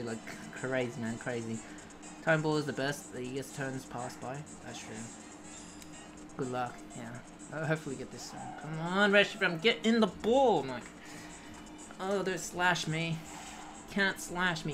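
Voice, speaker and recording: Low-voiced woman streaming a game. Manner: chatty, greets and answers chat, pleads with the game; sudden excited shouts. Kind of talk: casual live-stream commentary while playing.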